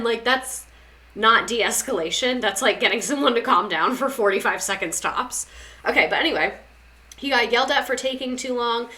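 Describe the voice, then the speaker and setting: A woman's voice: on the high side, pushed and bright. A young woman hosting a casual chat show, talking in a sarcastic, chatty way and repeating words for comic effect. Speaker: podcast host. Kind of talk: casual chat reading listener stories.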